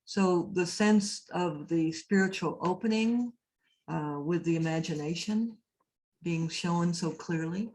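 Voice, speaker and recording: A woman's voice: on the low side, takes it slowly, darkish tone. A woman priest giving a conversational lecture, telling stories and often turning to ask her listeners questions. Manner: storytelling, often asks the audience questions. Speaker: priest and labyrinth teacher giving a talk. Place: cathedral speaker event.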